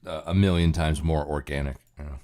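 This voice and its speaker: A man's voice: a bass voice, fairly even intonation, a little fast, over loud music. A man hosting a livestream, chatting casually as he reacts to clips, rambling with plenty of fillers and chuckles. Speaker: livestream host.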